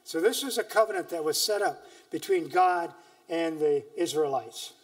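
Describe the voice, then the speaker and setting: A man's voice: a little high, normal speed, far from the mic. A man preaching a sermon in church, reading scripture emphatically between hesitant, searching remarks.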